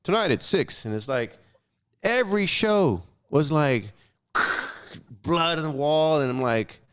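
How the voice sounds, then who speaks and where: With a fairly high, clean-toned voice, a young man speaks slowly as a podcast guest. He tells stories in casual chat, bluntly and profanely, acting out each line of dialogue with animation.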